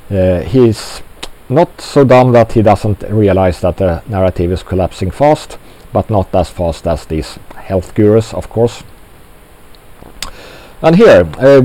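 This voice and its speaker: Slow, mellow-voiced man rambling on. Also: lowish voice, poor audio. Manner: slow, halting delivery with many fillers. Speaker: commentator. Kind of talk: rambling monologue commentary.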